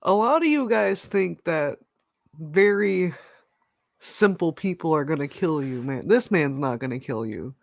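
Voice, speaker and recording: A man's voice: a little high, animated, a little slow, vocal fry. A man dropping teasing, laughing remarks about a friend.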